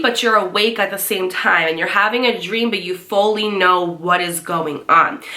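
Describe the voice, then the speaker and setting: A young woman telling a scary story to her viewers, animated and swearing, acting out the voices of the people in it. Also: medium pitch. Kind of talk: storytime chat to camera.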